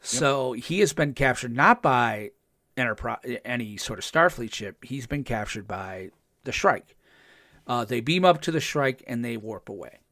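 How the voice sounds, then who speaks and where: A man hosting a podcast, recapping a TV episode in a casual, excited way, full of ums and restarts and acting out the characters' lines. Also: medium pitch, a little slow, no room sound, clean studio sound. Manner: chatty, with frequent ums and restarts. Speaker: podcast host.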